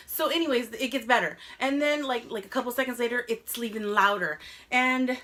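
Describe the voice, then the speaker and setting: Woman cohost, slightly high-pitched, animated, blunt, casual chat. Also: fairly quick. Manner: animated, swears freely, drops in Spanish words. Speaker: podcast co-host.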